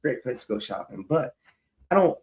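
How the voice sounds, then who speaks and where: A man's voice: mid-range voice, big pitch swings, moderate pace. A man chatting casually to viewers on a live stream, loose and profane, rambling and talking to his audience as y'all. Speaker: livestreamer. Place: at home, fixing his hair on camera.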